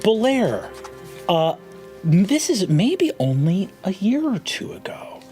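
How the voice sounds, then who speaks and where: High, lively-voiced male game master. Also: takes it slowly, soft background music. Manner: rambling, fillers-heavy scene setting. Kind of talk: narrating a tabletop game.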